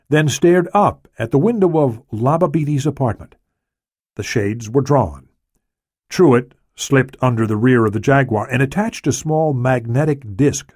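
A man narrating a thriller audiobook in a steady, matter-of-fact way. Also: mid-range voice, husky, no room sound, studio quality.

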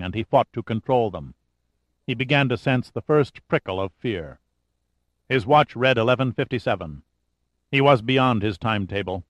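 A man narrating a thriller audiobook in a steady, measured way. His voice sits at a mid pitch, recorded dry and close with no room sound. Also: no room sound.

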